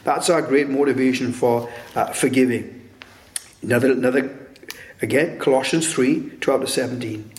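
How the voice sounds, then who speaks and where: A man's voice: medium pitch, normal speed. A man preaching a sermon in a conversational way, often turning points into rhetorical questions. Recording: roomy echo.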